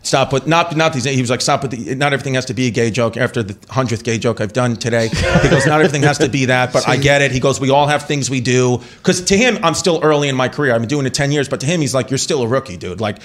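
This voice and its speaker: A man's voice: mid-range voice, fast, hardly any pauses. A man in his thirties, a comedian guest, telling rambling, profane stories in casual podcast talk. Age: 30s. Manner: animated, profane, rambling anecdotes.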